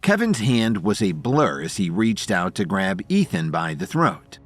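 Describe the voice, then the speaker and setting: A man's voice: on the low side, very animated, a little slow, faint music behind. A man narrating an audio drama with dramatic storytelling.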